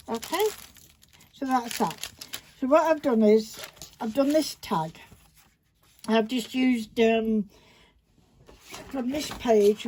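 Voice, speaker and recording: Speaking in a warm voice on the high side, a woman chats casually as she demonstrates paper crafting, rambling and talking to herself along the way. She's at an indoor craft table, recorded on a phone camera, with faint background noise and crinkling paper.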